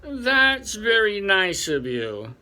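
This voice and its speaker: A man voicing a pompous older male chief rabbit in a storybook reading, speaking in a slow, patronizing drawl. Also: high-pitched, big pitch swings, sharp tone, pitched above the performer's own voice, full character voice.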